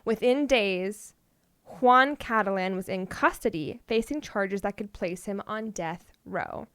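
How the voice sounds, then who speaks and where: A woman's voice: medium pitch, unhurried, a bit bright, no echo, clean studio sound. A woman co-hosting a podcast, telling odd stories in a playful, casual way and often laughing. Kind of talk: casual storytelling chat.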